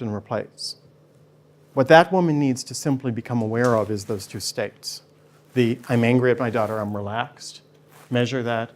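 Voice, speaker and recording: A man speaking as a guest before a studio audience, telling stories with energy and acting out the people in them. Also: medium pitch. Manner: energetic, acts out voices when telling stories. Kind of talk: animated storytelling talk.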